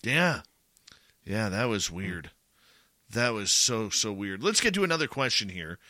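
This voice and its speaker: Bright, lively-sounding male host. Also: lowish voice, unhurried, no room sound, studio quality. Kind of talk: casual chat, reading listener questions.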